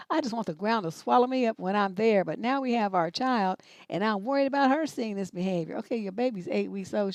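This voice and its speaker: A woman's voice: medium pitch, no room sound. A middle-aged woman hosting a livestream advice show, reading viewer questions aloud and answering in a blunt, profane, mocking way.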